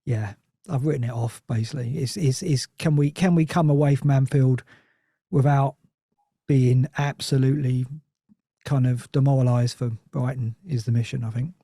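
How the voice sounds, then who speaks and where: A man's voice: mid-range voice, fairly even intonation, normal speed, vocal fry, dark tone, slightly rough, no room sound. Guy on a footy podcast, keeps restarting sentences, dry close mic. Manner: rambling, self-interrupting, many restarts. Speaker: Nottingham Forest fan guest. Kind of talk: casual podcast chat.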